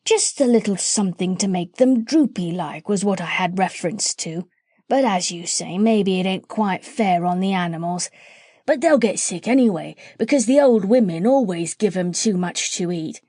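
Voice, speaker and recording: Woman voicing a scheming cat's-meat man, slangy and pushy, mellow lively read. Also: moderate pace, no echo, clean studio sound, lightly acted. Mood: persuasive. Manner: folksy slangy talk, wheedling sales pitch. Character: coarse chatty male cat's-meat seller, scheming.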